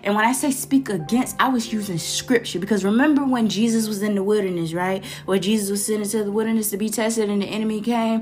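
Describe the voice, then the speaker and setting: A woman from Florida with a Florida accent, giving a casual, animated faith talk to camera, slangy and quoting scripture. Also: medium pitch, fast, few pauses, faint music behind. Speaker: Christian vlogger.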